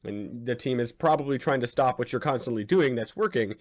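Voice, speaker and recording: A man's voice: mid-range voice, fairly quick. Man, color commentator; analytical, conversational, mid-range voice. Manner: chatty, analytical, rhetorical questions.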